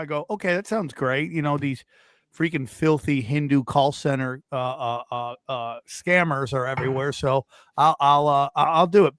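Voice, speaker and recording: Podcast guy telling a long story, does voices for everyone, kinda high voice, dry sound. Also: normal speed, dry recording. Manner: animated, puts on voices for people in his stories. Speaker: podcast co-host. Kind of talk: casual comedic storytelling.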